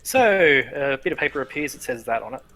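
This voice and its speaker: A man narrating as dungeon master in a tabletop game, laughing often and talking quickly with fillers. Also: medium pitch, steady tone, fairly bright tone, slight background noise. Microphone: home mic on a livestream.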